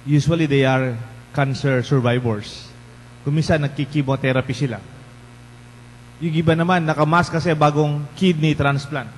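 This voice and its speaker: Filipino priest giving a chatty homily, kinda high voice, big echoey church. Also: male voice, steady tone, normal speed. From Philippines. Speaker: parish priest. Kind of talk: bilingual homily. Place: large church. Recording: long church reverb, faint hum.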